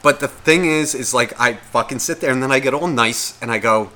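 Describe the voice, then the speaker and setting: A man's voice: mid-range voice, a little fast. A man co-hosting a podcast, ranting in a profane, comedic way and acting out the voices in his head. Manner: animated, swearing, acts out inner voices. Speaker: podcast co-host.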